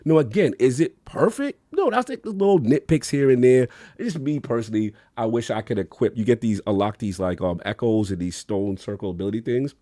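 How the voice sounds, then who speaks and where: A man co-hosting a gaming podcast in casual, slangy chat, acting out quotes with big jumps in pitch. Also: expressive, brisk, hardly any pauses, dark tone, no echo. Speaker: podcast co-host.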